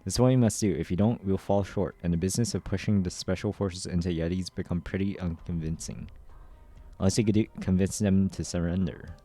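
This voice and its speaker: Deep-voiced man reading game dialogue. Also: steady tone, fairly quick, mellow, faint music behind. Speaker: streamer reading a game story aloud. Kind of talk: dramatic readthrough of game dialogue.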